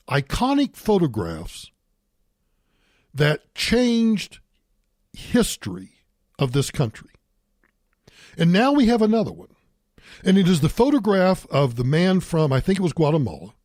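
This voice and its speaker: A man's voice: fairly high pitch, a little mellow, no echo, studio quality. An older man hosting a talk show, delivering an emphatic political monologue and repeating points for stress. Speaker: radio talk show host.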